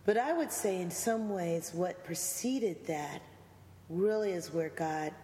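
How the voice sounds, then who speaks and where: A woman's voice: on the low side, lively intonation, slow pace, dark tone. Reflective woman in an echoey room. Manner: reflective, preacherly, quotes scripture. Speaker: guest. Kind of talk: conversational interview. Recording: echoey room with long reverb and faint ambience.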